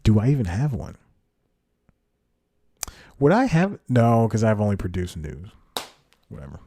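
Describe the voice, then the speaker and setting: A man's voice: on the low side, sing-song, measured pace, mellow, no echo. A man hosting a comedy podcast, telling a story in a rambling way, correcting himself and chuckling at his own asides. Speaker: podcast host. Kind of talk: casual comedic monologue.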